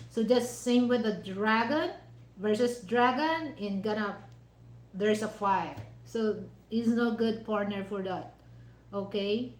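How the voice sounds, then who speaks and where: A woman's voice: mid-range voice, a little mellow, roomy sound, poor audio. A woman vlogger chatting casually over dinner, rambling and leaning on "you know" fillers with non-native phrasing.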